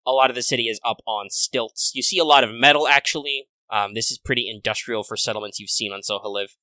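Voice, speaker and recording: Man, game master, bright voice, dry close mic, rambling narration. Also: medium pitch, fast, dry recording, poor audio. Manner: rambling, many fillers and restarts.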